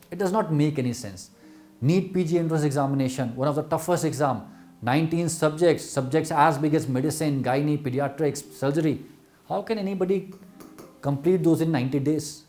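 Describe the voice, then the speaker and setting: Speaking in a fairly high, dark-toned voice, a middle-aged man with an Indian English accent coaches students for medical exams. His talk is earnest and motivational, with words repeated for emphasis.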